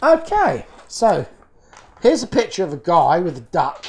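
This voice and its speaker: A man hosting a toy car channel, chatting casually and excitedly as he opens fan mail, laughing often. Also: high-pitched, unhurried, slight background noise. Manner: excitable, laughs often, talks to himself while opening parcels. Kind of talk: casual unboxing commentary.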